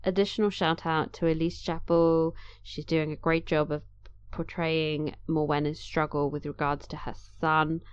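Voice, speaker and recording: A woman's voice: sits low, flat delivery, normal speed, clear, resonant tone, dull audio. A woman co-hosting a podcast, chatting enthusiastically about a TV drama. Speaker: podcast co-host. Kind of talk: casual discussion of a TV drama.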